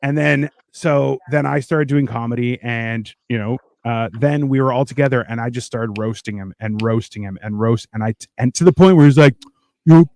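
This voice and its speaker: Blunt gravelly man telling stories. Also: medium pitch, fairly even intonation, fairly quick, darkish tone, dry recording. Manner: blunt and crude; jokey, storytelling. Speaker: podcast co-host. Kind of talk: casual chat.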